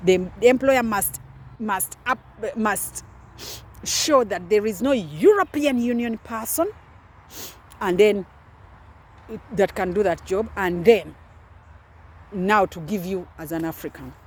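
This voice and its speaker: A woman's voice: mid-range voice, expressive, takes it slowly, pauses often. A woman in her forties, a doctor, giving an impassioned personal testimony with emphatic repetition. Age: 40s.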